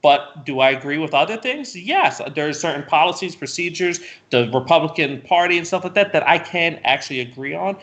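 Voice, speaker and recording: A man co-hosting a casual political talk show, animated and ranting, who repeats words and restarts often. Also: on the high side, a little fast, few pauses. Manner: laughs often, swears casually. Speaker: co-host.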